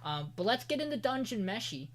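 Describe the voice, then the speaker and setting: A man hosting an anime podcast, recapping an episode in a loose, profane way and quoting characters in quick voices. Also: sits high, very animated, a little hiss or hum. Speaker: podcast host.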